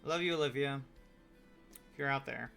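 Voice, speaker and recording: Young guy rambling while he paints, bright forceful voice, faint music behind. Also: mid-range voice, normal speed, vocal fry. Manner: chatty, joking, explains steps as he paints. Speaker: streamer painting miniatures. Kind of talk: casual chat while painting.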